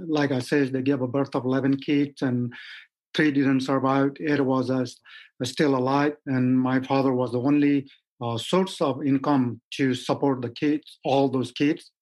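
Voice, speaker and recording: A man in his fifties from Nepal answers interview questions as a mountaineer guest. He speaks haltingly, with many fillers and plain, simple phrasing. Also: mid-range voice, darkish tone, low-quality recording.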